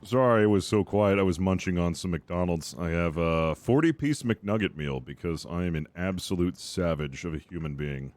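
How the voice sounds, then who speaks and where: A man's voice: low voice, moderate pace, hardly any pauses, darkish tone. A man from Wisconsin, a streamer chatting casually with viewers, laid-back and wry.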